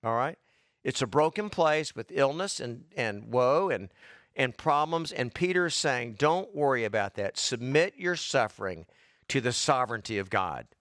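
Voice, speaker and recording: A man's voice: medium pitch, expressive, normal speed, a bit bright, no room sound, studio quality. A man preaching a sermon, folksy and conversational, building to emphatic repeated lines, his voice a little worn and short of breath. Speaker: pastor.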